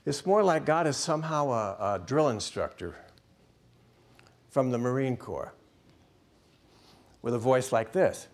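A middle-aged man preaching a sermon in an animated way, acting out voices. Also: medium pitch, unhurried, long pauses.

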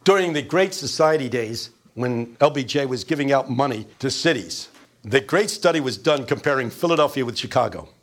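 Lecturer, animated delivery with lively pitch swings and a gravelly edge, rhetorical questions. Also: male voice, normal speed. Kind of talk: classroom lecture.

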